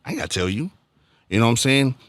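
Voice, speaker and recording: A man's voice: medium pitch, sing-song, fast, fairly bright tone, dry recording. A man with a Houston Texas accent, a rapper guest chatting casually on a podcast, laid-back and drawling, filling his talk with "man.". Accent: Houston Texan. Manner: laid-back, drawling, peppers speech with "man" and "you know what I'm saying".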